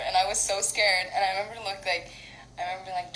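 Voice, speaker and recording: A woman's voice: mid-range voice, level tone, fast, pushed and bright, slight background noise, low-quality recording. A young woman from Canada chatting casually on a phone livestream at home, rambling through childhood stories with lots of giggles and fillers. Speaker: singer on an Instagram live.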